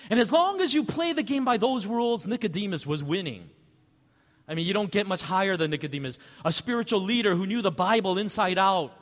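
A man preaching a sermon as pastor, conversational and animated, asking rhetorical questions. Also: sits high, fairly quick, long reverb tail.

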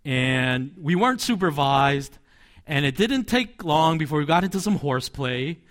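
Male pastor, sermon, conversational storytelling, animated pitch, somewhat high voice. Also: normal speed. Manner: conversational, storytelling with asides and chuckles.

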